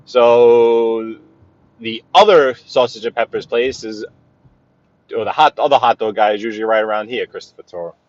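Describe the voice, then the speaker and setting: A man's voice: medium pitch, moderate pace, no room sound, muffled recording. A man giving rambling, playful commentary from inside his car while driving through the city. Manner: chatty, rambling, with frequent restarts and playful asides. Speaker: driving vlogger giving a live tour. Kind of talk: casual live-stream driving commentary.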